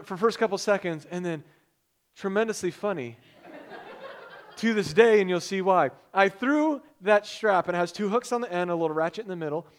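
High-voiced man telling a sermon story. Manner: animated storyteller, loud bursts when excited. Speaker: pastor.

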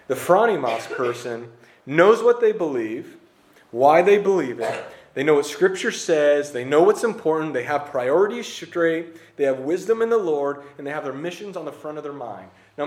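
A man preaching a conversational sermon to a congregation in a church, with casual, joking asides to the crowd. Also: a little high. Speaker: pastor. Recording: roomy church hall echo.

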